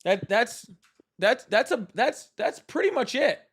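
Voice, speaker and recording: A man hosting a live call-in talk show, teasing callers with quick, casual jokes. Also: very high voice, expressive, breathy edge. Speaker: host.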